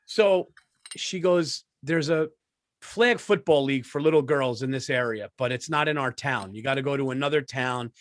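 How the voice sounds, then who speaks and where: Excitable, profane middle-aged man storyteller. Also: mid-range voice, normal speed, no room sound. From United States. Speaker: podcast co-host. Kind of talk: casual comedic storytelling. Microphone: studio microphone.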